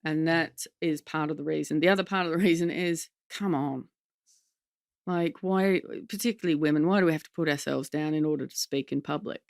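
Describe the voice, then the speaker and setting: A woman's voice: sits low, a little fast, no room sound, studio quality. A woman, a comedian guest telling stories in a candid podcast conversation, often slipping into impressions of others. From Australia. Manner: lively storytelling, slips into impressions of others.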